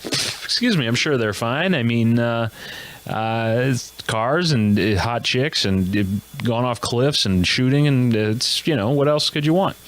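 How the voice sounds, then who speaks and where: Comedy host, man, mid-pitched voice; jokey news monologue, self-mocking and rambling. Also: animated, unhurried.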